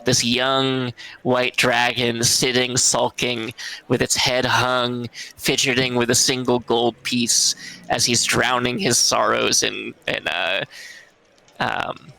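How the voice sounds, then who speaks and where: Gravelly, slow-talking male game master. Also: mid-range voice, bright, forceful tone, poor audio. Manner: halting, full of fillers. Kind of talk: narrating a tabletop game.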